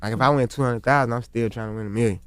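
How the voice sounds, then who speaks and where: A man answering interview questions in a relaxed, slangy manner. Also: mid-range voice, rapid-fire, smooth, no echo. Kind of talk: street interview.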